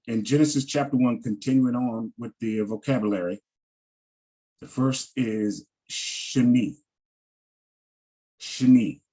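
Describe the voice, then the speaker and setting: A man teaching a language class, slowly repeating each word and its pronunciation and checking in with "all right" as he goes. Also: on the low side, darkish tone, breathy edge. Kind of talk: slow vocabulary lesson over shared screen.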